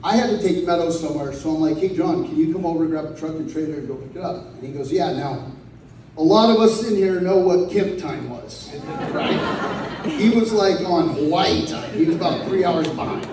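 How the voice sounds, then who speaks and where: A man's voice: a little high, moderate pace, darkish tone, slight background noise. A man giving a profane, comic eulogy at a memorial gathering, acting out the voices of the people in his stories. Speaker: eulogy speaker. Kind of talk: storytelling at a memorial. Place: hall at a celebration of life. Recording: echoey hall from far off.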